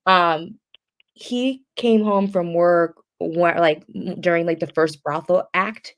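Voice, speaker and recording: A woman with a slightly low voice chats loosely on a podcast. She rambles, reaches for words with plenty of fillers, and breaks into giggles between thoughts. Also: fairly even intonation, takes it slowly, clean tone. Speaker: podcast co-host. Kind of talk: casual chat.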